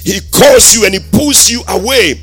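A man preaching a sermon as pastor, in a sing-song, emphatic delivery that rises to shouted declarations. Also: sits high, normal speed, husky, soft background music.

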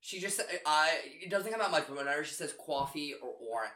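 A man's voice: on the high side, lively intonation, fairly quick, a crowd in the background. A man co-hosting a casual podcast chat, making dry, wry remarks. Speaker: podcast co-host. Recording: roomy echo.

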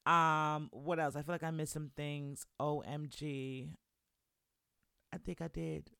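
A man's voice: on the high side, flat delivery, slow, creaky, pushed and bright, smooth, no room sound, clean studio sound. A young man hosting a solo podcast in a casual, chatty way. He keeps encouraging his listeners and checking in with them. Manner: chatty and encouraging, constantly checking in with "right?" and "you know". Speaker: podcast host.

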